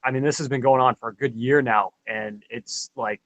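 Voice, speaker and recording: A man's voice: mid-range voice, steady tone, moderate pace, fairly bright tone, no echo, muffled recording. A man chatting casually as a guest, easygoing and agreeing with short replies. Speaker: guest in an RC hobby hangout. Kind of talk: casual chat.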